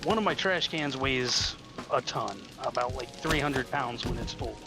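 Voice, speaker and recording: A man chatting casually with a friend on a stream, telling a lively story in a blunt, quick way. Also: medium pitch, music in the background.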